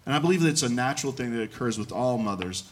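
A man's voice: rapid-fire, slight background noise. A man preaching a sermon, acting out quoted lines with big swings in his voice. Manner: animated, acts out quotes with big jumps in pitch. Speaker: pastor.

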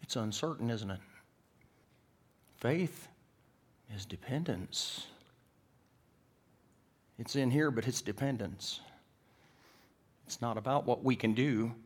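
A man preaching a sermon, swinging from loud, emphatic declarations to hushed, whispered lines. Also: mid-range voice, takes it slowly, long pauses. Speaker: pastor.

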